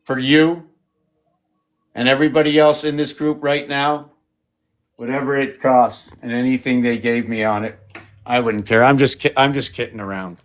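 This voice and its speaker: A man showing his paintings on a live stream, talking in a rambling, playful way and jumping from excited exclamations to muttering. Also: medium pitch, moderate pace. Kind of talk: casual live-stream chat.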